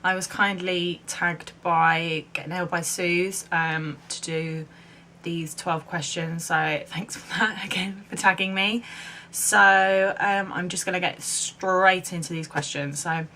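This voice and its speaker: A woman's voice: fairly low pitch, fairly even intonation, slow pace, pushed and bright, a little hiss or hum. A young woman in her twenties from England chatting casually to camera, rambling with lots of "um" and "like". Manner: chatty, rambling, many ums and likes. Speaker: vlogger.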